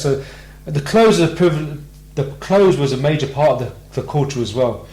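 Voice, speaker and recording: A man's voice: fairly high pitch, fast. British radio host guy, telling a story, does all the voices, kinda echoey studio. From Britain. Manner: animated storyteller, acts out quoted voices.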